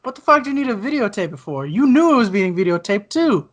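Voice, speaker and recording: High-voiced joking male guest. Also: big pitch swings, quick pace, a bit bright. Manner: crude, joking, laughs a lot. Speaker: podcast guest. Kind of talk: casual chat. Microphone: video call.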